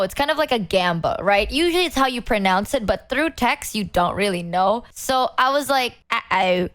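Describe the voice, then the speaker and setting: A young woman from Indonesia, a streamer telling a story to her chat in a chatty, animated way full of "like". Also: fairly high pitch. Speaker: VTuber streamer.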